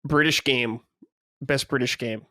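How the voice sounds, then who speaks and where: Laid-back male host reading nominees; middle pitch, dry studio sound. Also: steady tone, unhurried, pushed and bright, no echo. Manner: easygoing, reads out lists, laughs along. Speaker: podcast host reading award results. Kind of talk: casual podcast chat.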